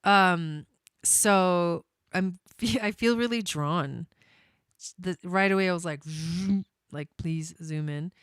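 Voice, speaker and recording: Young woman, chatty and bubbly, laughs a lot, smooth lowish voice, dry close sound. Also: slow, no room sound. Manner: bubbly, chatty, laughs often, goes off on tangents. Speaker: astrologer doing live readings. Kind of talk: casual live-stream chat.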